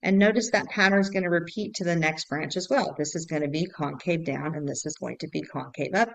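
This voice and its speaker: A woman's voice: low-pitched, brisk, vocal fry, low-quality recording. A woman teacher talking students through math notes patiently, repeating key points and thinking aloud with fillers. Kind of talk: recorded lesson walkthrough.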